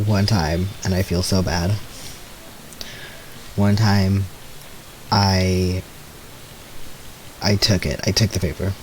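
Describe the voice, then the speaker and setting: Young male streamer, lowish voice, loose rambling chat, sheepish and self-deprecating. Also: darkish tone, slight background noise, poor audio. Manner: rambling, self-deprecating storytelling with nervous laughs. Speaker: game streamer. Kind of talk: casual gameplay commentary.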